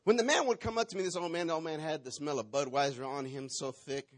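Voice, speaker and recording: A man's voice: a little high, fast. A man preaching a sermon, telling a playful, dramatic story and acting out the parts. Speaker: pastor.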